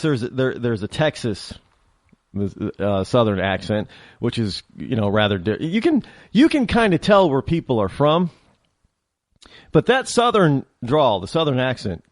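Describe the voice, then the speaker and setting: A man's voice: medium pitch, no echo, studio quality. A man hosting his own talk show, delivering a rambling, opinionated monologue with many restarts and fillers.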